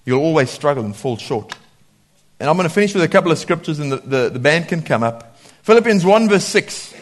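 A man preaching a sermon in a lively way, laughing often and acting out voices when he quotes people. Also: on the high side, brisk.

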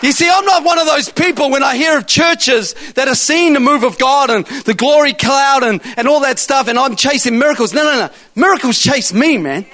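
A man preaching and telling lively stories, acting out both sides of conversations with loud bursts. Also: very high voice, brisk, hardly any pauses, some chatter behind, a little hiss or hum. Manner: animated storyteller acting out dialogue, loud bursts. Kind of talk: sermon storytelling.

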